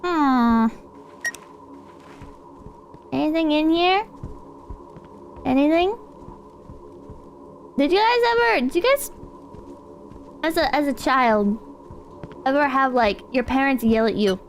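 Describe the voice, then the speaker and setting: A woman's voice: high voice, expressive, takes it slowly, pauses often. A young woman streaming a video game, chatting casually with sarcastic, rambling asides and mock insults. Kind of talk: casual gameplay commentary. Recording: clear background noise.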